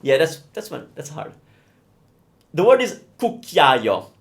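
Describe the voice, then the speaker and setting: A man's voice: fairly high pitch, vocal fry. A young Italian man with an Italian accent, teaching pronunciation live and stretching out sounds to demonstrate them. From Italy. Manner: animated, drawn-out demonstrations of sounds. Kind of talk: live-streamed pronunciation lesson.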